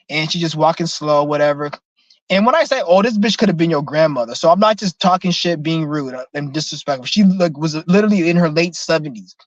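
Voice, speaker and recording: A young man telling a profane, animated story in a casual vlog rant. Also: sits high, no echo, dull audio. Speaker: vlogger.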